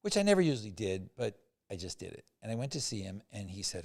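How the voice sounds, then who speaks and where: Gravelly low-voiced older man telling stories. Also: fast talker. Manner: animated anecdotes with acted-out quotes. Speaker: film producer, guest. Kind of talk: storytelling in a podcast interview.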